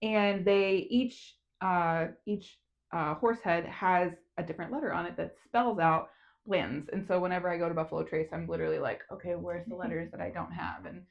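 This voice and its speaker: A woman's voice: on the low side, fairly even intonation, moderate pace, gravelly, highs cut off. Bubbly Kentucky woman, chatty co-host. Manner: bubbly, laughs often. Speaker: podcast co-host. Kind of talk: casual chat.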